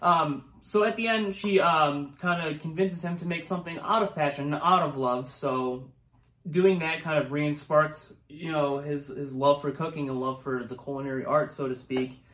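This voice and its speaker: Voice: medium pitch, moderate pace. Echoey, rambling podcast co-host. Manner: relaxed and rambling, with many "um"s. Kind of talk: casual movie review chat. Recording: echoey room.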